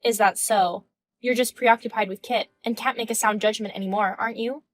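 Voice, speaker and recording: A woman's voice: fairly high pitch, fairly even intonation, fairly quick, dry recording, lightly acted. A woman in her thirties voicing a composed, indignant wife in a text-message story, firm and questioning. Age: 30s.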